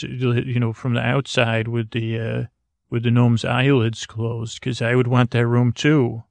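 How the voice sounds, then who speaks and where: A man narrating an improvised bedtime story in a gravelly, rather flat voice, close and dry. He rambles and halts, restarting his sentences often. The telling is loose and unhurried. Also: medium pitch, dry recording. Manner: rambling, halting, with many restarts.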